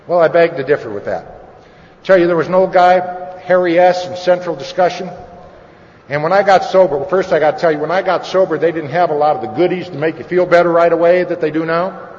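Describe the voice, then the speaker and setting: A man's voice: high-pitched, fairly quick. Man telling his story in a reverberant hall. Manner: conversational, candid storytelling with wry humor. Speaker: speaker at a recovery meeting. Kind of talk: personal recovery story told to an audience. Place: meeting hall. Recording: lo-fi recording with long hall reverb and faint noise.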